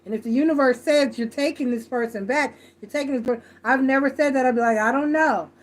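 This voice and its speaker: A woman's voice: high-pitched, steady tone, fast. A woman doing a live tarot reading, blunt, profane and rambling, stressing her points again and again. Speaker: tarot reader.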